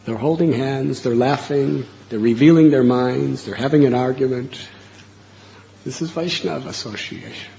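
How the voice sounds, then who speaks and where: A man preaching a sermon, telling a devotional story in an animated way. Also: mid-range voice, normal speed, gravelly, lo-fi sound, slight background noise.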